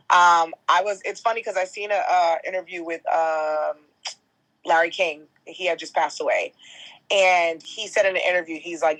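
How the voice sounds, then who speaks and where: A woman in her thirties, a guest on a podcast, telling stories in a lively, casual way and swearing now and then. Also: lowish voice, low-quality recording. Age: 30s. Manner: animated storyteller, swears casually. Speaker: guest, entertainment host.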